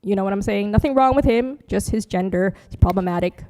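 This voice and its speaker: A woman's voice: medium pitch, brisk, warm tone. A woman, a Buddhist nun, giving a chatty, joking dharma workshop talk with slides. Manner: chatty, joking asides, laughs often.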